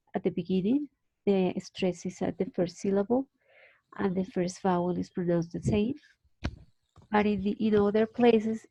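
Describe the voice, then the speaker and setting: Colombian lady teacher walking through pronunciation, mellow dull audio, patient. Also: medium pitch, vocal fry, dry recording. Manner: patient, explains slowly with restarts. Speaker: English teacher. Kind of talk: online class explanation.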